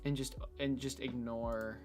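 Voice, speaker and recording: A man thinking out loud in a casual screen-recorded build log, hesitant with many fillers and restarts, from his room at home. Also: mid-range voice, fairly even intonation, unhurried, soft background music. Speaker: hobbyist robot builder. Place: bedroom at home.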